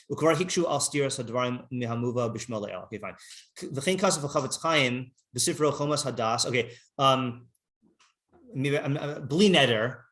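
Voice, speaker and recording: A man teaching an informal text class, halting and rambling with many fillers, reading Hebrew passages aloud and translating them. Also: mid-range voice, fairly bright tone.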